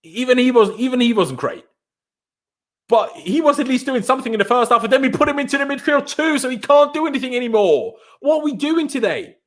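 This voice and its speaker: A young man hosts a post-match fan reaction stream. His voice sits high and swings widely in pitch as he rants in exasperation. He repeats himself for emphasis and trades banter with viewers reading out their messages. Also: expressive, fairly quick. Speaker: fan channel host reacting to chat.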